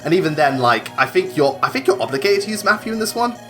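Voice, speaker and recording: A man's voice: high voice, big pitch swings, fast talker, bright, forceful tone, soft background music. A man hosting a video game playthrough, chatting casually and agreeably with his co-commentator. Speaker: let's play host. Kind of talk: casual let's play commentary.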